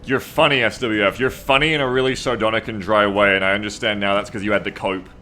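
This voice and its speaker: A man with a lowish, steady voice talks quickly and with a sharp tone while soft music plays behind him. Streaming a strategy game, he chats casually with his audience, reads their messages aloud playfully and teasingly, and laughs often.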